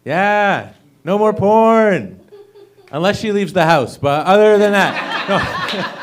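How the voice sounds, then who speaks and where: A young man in a comedy club, telling jokes into a handheld stage mic. His voice sits a little high for a man, and his awkward, self-deprecating patter is full of "uh" and "you know.". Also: expressive, slow pace. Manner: awkward, self-deprecating delivery with frequent fillers and laughs. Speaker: stand-up comedian. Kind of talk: stand-up set at an open mic.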